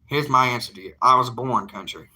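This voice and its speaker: Young man with a Southern drawl, forceful. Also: mid-range voice, a little fast. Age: young adult. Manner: emphatic, folksy, repeats himself for emphasis. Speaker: evangelist vlogger. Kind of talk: casual vlog monologue.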